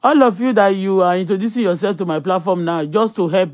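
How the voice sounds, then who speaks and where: Talking on a phone live stream, a Nigerian woman with a Yoruba-tinged accent mixes casual chat and prayer in an emphatic, repetitive style. Her medium-pitched, slightly mellow voice moves fairly quickly with few pauses.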